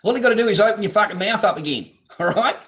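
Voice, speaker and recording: A man's voice: sits high, animated, very fast, a bit bright. A man hosting a live stream from his garage on a phone camera, talking casually in a blunt, profane, ranting way. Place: home garage.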